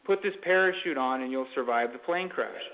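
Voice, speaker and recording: A man's voice: expressive, brisk, lightly acted. A man voicing a cheerful female flight attendant who talks passengers into wearing a parachute. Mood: urgent. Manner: friendly sales-pitch persuasion. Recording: tinny phone-like sound.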